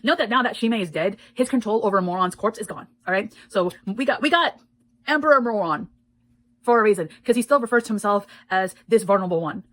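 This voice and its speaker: A woman's voice: mid-range voice, lively intonation, quick pace, a bit bright, poor audio. A woman giving a casual spoken book review, retelling the plot in a blunt, indignant way and swearing freely.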